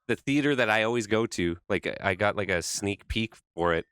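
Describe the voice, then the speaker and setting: Male podcast co-host, smooth, lowish voice, relaxed chat, dry. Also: moderate pace, no echo. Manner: easygoing, enthusiastic opinions. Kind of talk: casual chat.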